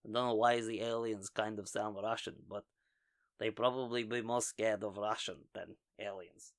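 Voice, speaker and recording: A man's voice: on the low side, steady tone, normal speed. Chatty joking man hosting a podcast. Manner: joking, chatty, laughs often, swears. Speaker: podcast host. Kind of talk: casual comedic storytelling.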